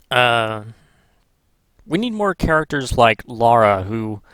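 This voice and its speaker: A man's voice: mid-range voice, slow, long pauses, fairly bright tone, clean tone, dry recording. A man vlogging in casual commentary, rambling and swearing, correcting himself as he goes. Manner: rambling, profane, self-correcting. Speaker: gaming vlogger.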